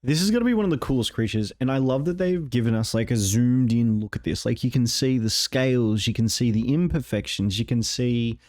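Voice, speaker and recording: Excitable Australian man, dry close sound. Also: mid-range voice, fairly quick, few pauses, dry recording. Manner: enthusiastic, rambling, fond of "like". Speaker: gaming video host. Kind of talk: excited trailer breakdown commentary.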